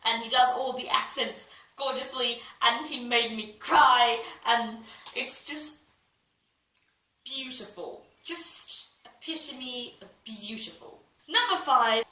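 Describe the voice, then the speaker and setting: A woman's voice: on the high side, pushed and bright. Bubbly young woman gushing, echoey room. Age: young adult. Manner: gushing, enthusiastic, trails off into asides. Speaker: book vlogger. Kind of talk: casual chat. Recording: echoey room, voice a little far from the mic.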